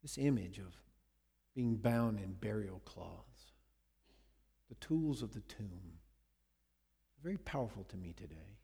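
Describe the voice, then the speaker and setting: A man preaching a sermon, retelling scenes dramatically with sudden swings between loud and hushed delivery. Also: on the low side, expressive, slow, gravelly, long pauses, breathy edge, big-room sound. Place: church.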